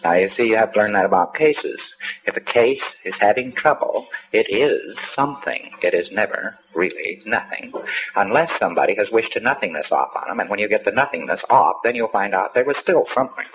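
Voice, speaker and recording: Low-voiced man giving a rambling lecture. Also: lively intonation, brisk. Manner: folksy, wry, profane asides. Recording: dull lo-fi tape with faint hiss.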